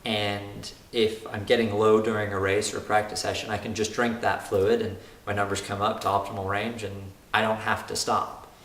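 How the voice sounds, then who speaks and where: A man's voice: lowish voice, level tone, normal speed, hardly any pauses, a bit bright. Earnest young man in a roomy room. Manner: earnest, reflective, with frequent restarts. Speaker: race car driver sharing his story. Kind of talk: personal testimonial. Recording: roomy room with faint hiss.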